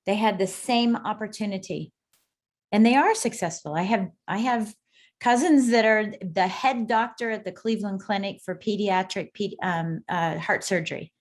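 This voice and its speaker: A middle-aged woman, a guest on an interview podcast, telling her story in an emphatic, animated way. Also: medium pitch, normal speed. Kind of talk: casual interview conversation.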